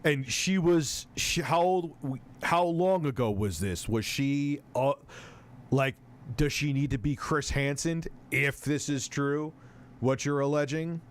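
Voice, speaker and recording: A man's voice: fairly high pitch, slow. Rambling, foul-mouthed male streamer. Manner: rambling, profane, self-interrupting. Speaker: host. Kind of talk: casual livestream commentary.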